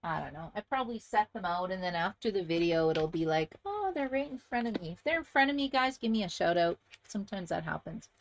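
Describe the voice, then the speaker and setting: A woman's voice: on the low side, animated, fast talker, hardly any pauses, slight background noise. Chatty, enthusiastic woman craft host. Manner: chatty and enthusiastic, talks straight to viewers. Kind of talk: casual chat showing handmade card samples.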